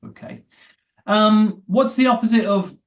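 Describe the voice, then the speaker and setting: A man with a fairly high voice leads an English vocabulary class. He quizzes his students and encourages their answers. His manner is that of a teacher at work. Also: a little slow. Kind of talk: live online class.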